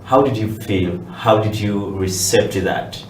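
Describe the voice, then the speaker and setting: Male interview host, encouraging, lowish voice, roomy sound from off the mic. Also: measured pace, recorded from a distance, slight background noise. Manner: encouraging, prompting with short questions. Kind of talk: casual interview.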